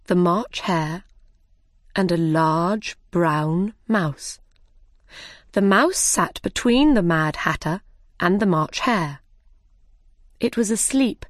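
A woman reading a children's storybook aloud, slow, clear and measured. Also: mid-range voice, dry recording, clean studio sound. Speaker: reader.

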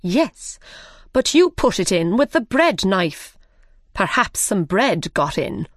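A woman voicing a fussy, rude male hatter in a storybook reading, drawing her lines out slowly. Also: mid-range voice, big pitch swings, dry recording, clean studio sound, full character voice. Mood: prickly.

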